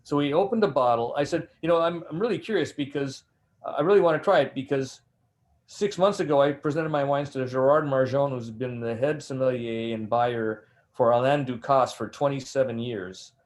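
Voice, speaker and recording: An older man, a winemaker and master sommelier, telling rambling, animated stories in an interview. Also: mid-range voice, normal speed. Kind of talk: anecdotal interview storytelling.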